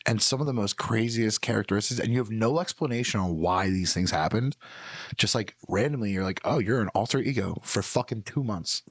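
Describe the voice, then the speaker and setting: A man with a low, gravelly voice, rambling loosely through a casual podcast conversation. His talk is full of filler and side turns. The sound is dry and close, with no room around it. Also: fairly quick, no echo. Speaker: podcast guest, musician. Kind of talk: casual chat.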